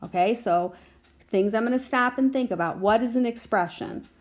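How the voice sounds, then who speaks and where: A woman's voice: on the high side, moderate pace. A woman teacher walking through a math practice lesson, patiently thinking aloud and checking in with her students. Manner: patient, checks in with "okay?" and "right?".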